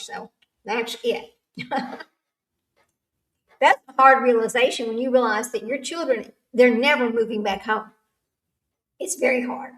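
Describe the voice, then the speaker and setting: A woman's voice: on the high side, steady tone, unhurried, pauses often, a bit bright. Chatty older woman streaming, echoey room. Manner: chatty, rambling, laughs often. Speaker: livestream host. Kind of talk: casual chat with live chat. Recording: echoey room, far from the mic.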